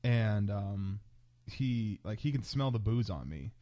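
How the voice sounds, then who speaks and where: A man's voice: fairly low pitch, expressive, slow pace, mellow, no echo. Guy on a podcast rambling about his trip, swears, dry close mic. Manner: rambling, profane, laughs easily. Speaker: podcast co-host. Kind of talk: casual storytelling chat.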